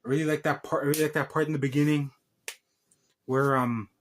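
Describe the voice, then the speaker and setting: A man's voice: a little high, fairly even intonation, fairly quick, a little hiss or hum. Rambling casual man reviewing a film. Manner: meandering, self-interrupting, joking asides. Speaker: channel host reviewing a film.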